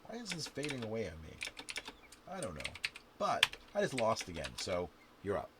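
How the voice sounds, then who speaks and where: A man playing a dice game on camera, counting scores aloud and chatting to the viewer with sudden loud outbursts. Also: fairly low pitch, normal speed. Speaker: game instructor. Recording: steady background noise with clicks and typing.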